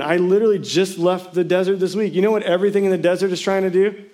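A man in his thirties, a pastor giving a sermon in a casual, jokey storytelling way, often breaking into loud, excited bursts. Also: high voice, fast.

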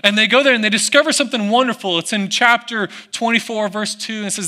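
A man preaching a sermon, who acts out the people in the story and drops to a hush on reflective lines. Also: high-pitched, steady tone, quick pace, hardly any pauses. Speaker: pastor.

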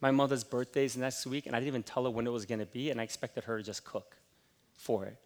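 A man's voice: mid-range voice, fast talker. A middle-aged man preaching a sermon, telling candid, self-deprecating stories about his own week. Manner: candid, self-deprecating storytelling, rising animated. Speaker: pastor. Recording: long hall reverb.

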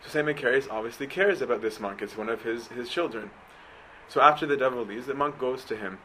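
Fairly quick and fairly bright in tone, this medium-pitched preacher keeps his sermon conversational, regularly asking his listeners "right?" Slight background noise marks the low-quality recording.

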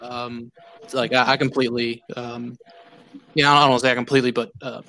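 A man's voice: mid-range voice, little pitch movement, a little fast, sharp tone. A man hosting a casual podcast chat, rambling through his points with many restarts. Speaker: podcast host.

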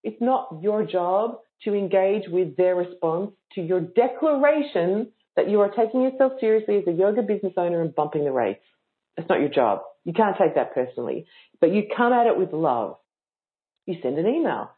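A woman's voice: fairly low pitch, lively intonation, fairly quick. A woman coaching yoga teachers in a live online workshop, casual, playful and frank, teasing her listeners. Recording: tinny phone-like sound.

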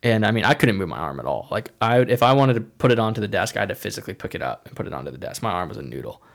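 A man tells a personal story in a loose, rambling way, peppering his sentences with "like" and acting out what others said. His fairly low, creaky voice is very animated and races along.

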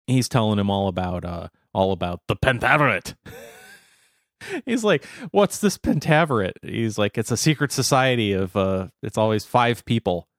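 A man with a lowish voice chats casually as a podcast co-host. He laughs easily and drops into joking accents for quotes. The sound is dry and close, with no room around it. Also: very animated, moderate pace, no room sound. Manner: laughs often, slips into mock accents when quoting. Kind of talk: casual chat.

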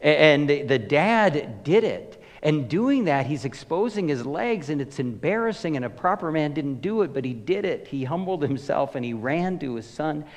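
A pastor preaching a sermon, telling the story with emphasis and swinging between loud and hushed delivery. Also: male voice, on the high side, big pitch swings, moderate pace, hardly any pauses. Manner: emphatic storytelling, rises and drops in volume. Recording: echoey hall with long reverb.

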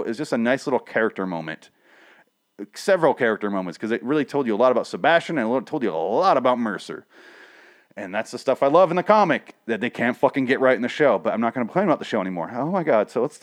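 A man hosts a casual, profane comic recap. He rants and swears freely in an animated way. His voice sits in a mid range. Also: medium pitch, fast.

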